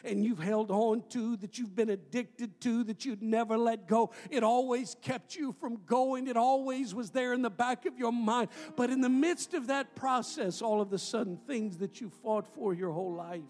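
A man pastor preaching a sermon to his congregation in a church, his delivery swelling loud and falling to near whispers. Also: very high voice, steady tone, normal speed, hardly any pauses. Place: church sanctuary. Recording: roomy hall with long reverb.

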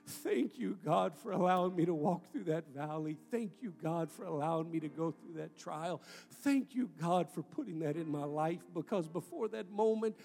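A man pastor preaching a sermon to his congregation in a church, his delivery swelling loud and falling to near whispers. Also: fairly high pitch, moderate pace, creaky, few pauses, soft background music. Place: church sanctuary. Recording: roomy hall with long reverb.

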